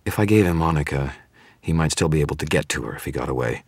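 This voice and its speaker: A man reading a first-person story in a measured, dramatic style. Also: a bass voice, animated, slightly rough, no room sound. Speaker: audiobook narrator. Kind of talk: scripted narration.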